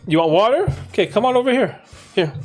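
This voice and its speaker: A man hosting a casual livestream, laid-back and playful with slangy banter, gentle when he talks to young children. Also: sits high, lively intonation, fast talker. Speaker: livestream host.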